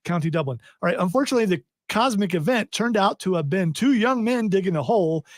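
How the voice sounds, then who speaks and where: A man's voice: high voice, expressive, fast talker, no echo, studio quality. A man hosting a radio talk show, joking and rambling while reading news items. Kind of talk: casual radio banter. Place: radio studio. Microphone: studio mic.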